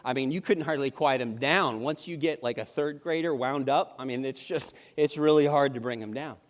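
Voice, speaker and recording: A man's voice: mid-range voice, normal speed. A middle-aged male pastor preaching a sermon in a church sanctuary, in a conversational and humorous way with frequent restarts. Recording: long reverb in a church hall.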